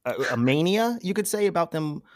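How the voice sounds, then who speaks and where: A man's voice: sits high, expressive, fairly quick, a little mellow, dry recording, studio quality. A man joining a podcast as guest, teasing and punning in casual chat.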